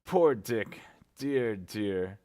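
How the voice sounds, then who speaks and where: A man voicing a miserly old man revisiting his past, wistful and sometimes excitable. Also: lowish voice, very slow. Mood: excited.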